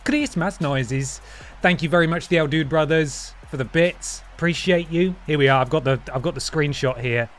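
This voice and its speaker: A man's voice: fairly high pitch, brisk, hardly any pauses, fairly bright tone. Chatty male streamer thanking viewers. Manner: chatty, thanks viewers by name, trails off mid-sentence. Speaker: livestream host. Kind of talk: casual live-stream chat.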